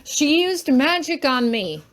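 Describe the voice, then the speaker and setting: A woman voicing a pushy, aggressive teenage boy in a dramatic fan story reading, pressing and yelling. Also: mid-range voice, lively intonation, normal speed, lightly acted. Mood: angry. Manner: pleading then angry and yelling.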